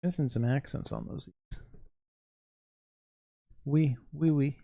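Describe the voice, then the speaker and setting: A man's voice: fairly high pitch, slow, gravelly, dark tone, no echo, studio quality. A tired man streaming live, rambling casually and answering chat as he runs an online Mafia game. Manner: rambling, responds to chat messages.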